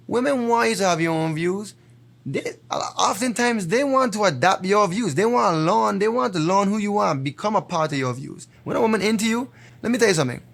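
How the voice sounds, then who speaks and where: A man's voice: sits high, lively intonation, a little fast, vocal fry, a bit bright. A man giving dating advice straight to camera, emphatic and repetitive, slipping into voices when he retells a joke. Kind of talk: direct-to-camera advice monologue.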